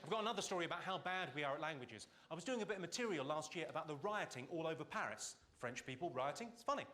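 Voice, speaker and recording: A man doing stand-up comedy on stage with deadpan one-liners and sharp timing. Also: fairly high pitch, fast talker, noisy background. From Britain. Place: stage before a live audience. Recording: loud audience laughter over live show.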